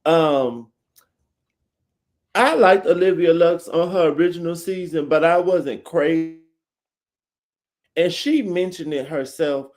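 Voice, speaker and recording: A man's voice: a little high, takes it slowly, long pauses. A man co-hosting a podcast, giving blunt opinions in casual chat and mimicking others with mocking quotes. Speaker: podcast co-host.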